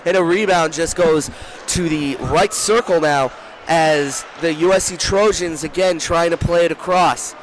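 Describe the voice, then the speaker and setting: A young man calling a hockey game from a rink booth, talking fast, shouting during rushes and often correcting himself. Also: on the high side, a little hiss or hum. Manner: rapid, rising to shouts during rushes, with frequent self-corrections. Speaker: play-by-play commentator. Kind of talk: live hockey play-by-play commentary. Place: broadcast booth at an ice rink.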